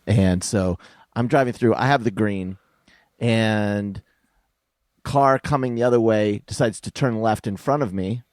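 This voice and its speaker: Male comedy guest, lowish voice, dry close sound, rambling profane anecdote. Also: unhurried, darkish tone, no room sound. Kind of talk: casual podcast chat over video call.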